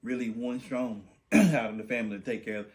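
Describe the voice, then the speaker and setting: A man's voice: medium pitch, a little fast. Reflective male podcast host. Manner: reflective, affirming listener, thinks aloud. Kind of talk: conversational podcast talk.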